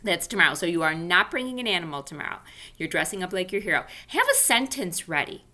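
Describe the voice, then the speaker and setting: A woman teaching an online class for young children from home, animated and sing-song, speaking slowly and carefully. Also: fairly low pitch. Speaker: elementary school teacher. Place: home room.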